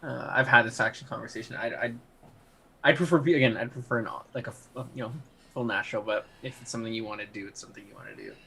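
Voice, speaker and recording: A man's voice: mid-range voice, quick pace, vocal fry, bright, forceful tone, slight background noise. A man joining a casual podcast chat over an online call, hesitant and searching for his words. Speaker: podcast co-host.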